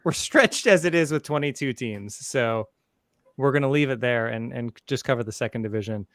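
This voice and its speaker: A male podcast host in a relaxed, joking chat, voice at an everyday middle pitch. He rambles and cuts himself off mid-sentence. The sound is close and dry, with no room around it. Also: normal speed, no room sound. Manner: jokey, rambling, self-interrupting.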